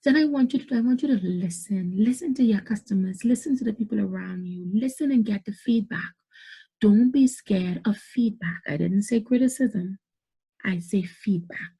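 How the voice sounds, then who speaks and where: A woman's voice: mid-range voice, normal speed, dark tone, breathy edge. A middle-aged woman, giving emphatic motivational business advice to camera and repeating points for stress. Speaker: business coach.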